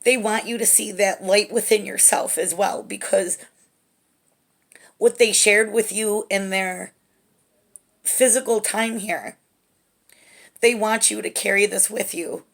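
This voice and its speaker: A woman giving a spiritual tarot reading to camera, gentle and reassuring, often checking in with "okay?". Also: mid-range voice, steady tone, slow pace, creaky, long pauses. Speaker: tarot reader.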